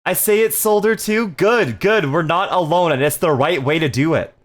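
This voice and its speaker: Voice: medium pitch, moderate pace. A live streamer chatting casually with viewers, playful and giggly with crude jokes.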